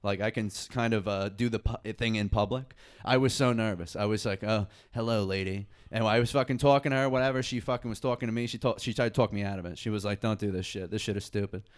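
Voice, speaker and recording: A man's voice: fairly low pitch, fairly even intonation, fast talker, few pauses. A man from Long Island, co-hosting a podcast and telling a long, profane, rambling story. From Long Island, New York. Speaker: podcast co-host. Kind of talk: casual chat.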